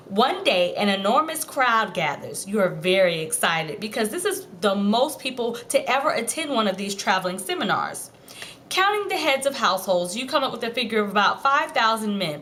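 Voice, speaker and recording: A woman telling a devotional Bible story in the second person, playful and animated, acting out bits of dialogue. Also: mid-range voice, slight background noise. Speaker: devotional teacher.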